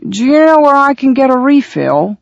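A man's voice: extremely high pitch, big pitch swings, normal speed, gravelly, no room sound, dull audio, pitched above the performer's own voice, exaggerated voice. A narrator voicing a drunken man at a festival who sounds overly polite and tipsy.

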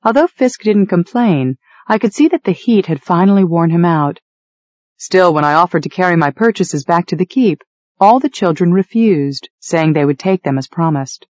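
A woman narrating a novel in the first person, in an even, measured storytelling manner. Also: on the low side, no room sound. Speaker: audiobook narrator. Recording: dull, dry studio read.

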